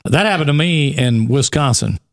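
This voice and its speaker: A Southern man in his forties chatting casually as a co-host, telling animated stories full of fillers. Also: medium pitch, normal speed, gravelly. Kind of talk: casual chat.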